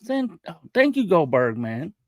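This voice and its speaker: A man casually chatting to viewers on a livestream, halting and loose in how he talks. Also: a little high, very animated, no room sound.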